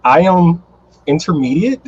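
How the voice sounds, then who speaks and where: An American man teaching English in a relaxed, friendly way on a video call, agreeing often and laughing a lot. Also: fairly high pitch, a little slow. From United States. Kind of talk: casual conversation on a video call. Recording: husky voice over a dull, lo-fi call line.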